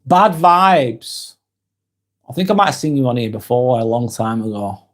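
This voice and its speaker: A British man hosting a live stream, reading viewer comments aloud and answering them in a soft, sympathetic way with light laughs. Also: mid-range voice, moderate pace.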